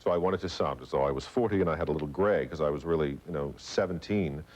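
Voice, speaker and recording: A man from New Orleans with a smooth standard American accent, telling stories quickly and chattily as a guest on a late-night talk show. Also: a bass voice, darkish tone. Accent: General American, trained out of a New Orleans accent. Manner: fast, chatty storyteller. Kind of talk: casual chat on late-night TV. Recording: dull broadcast audio.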